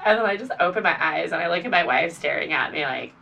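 A woman co-hosting a casual chat, telling lively stories and acting out her own past lines. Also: fairly low pitch, fast talker, creaky, few pauses.

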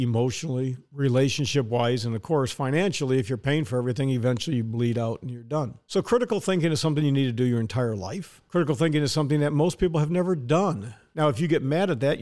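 A man's voice: medium pitch, darkish tone. A man hosting a podcast, giving blunt, sarcastic, folksy commentary on his own. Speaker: podcast host. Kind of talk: opinionated solo commentary.

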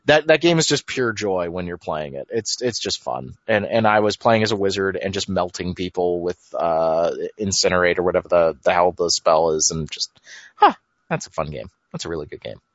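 A man's voice: lowish voice, no echo, highs cut off. A man on a casual gaming podcast, rambling enthusiastically and often cutting himself off mid-sentence. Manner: rambling, self-interrupting, enthusiastic. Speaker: podcast co-host.

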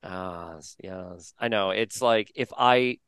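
A man hosting a podcast in casual chat, animated and gossipy, often acting out quotes. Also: low voice, clear, resonant tone, no room sound. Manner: animated, gossipy, quick to joke and act out quotes. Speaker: podcast host.

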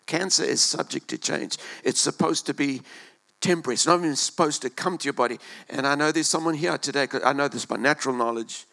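With a medium-pitched, creaky voice and a quick pace, a pastor preaches passionately in church, shifting from loud to hushed and repeating words along the way.

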